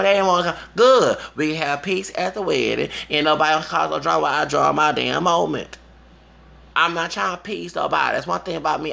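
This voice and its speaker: A man with a gravelly, rough-edged voice that is somewhat high for a man, with a bright, forceful tone. He rants in a casual vlog, emphatic and profane, dropping to low mutters and then rising into loud outbursts. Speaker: vlogger. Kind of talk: impassioned personal rant. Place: Houston.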